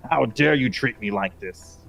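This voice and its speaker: A man's voice: medium pitch, normal speed, gravelly, fairly bright tone, soft background music. A man voicing a pompous police dog lieutenant. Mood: scolding. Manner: indignant, scolding, demanding respect.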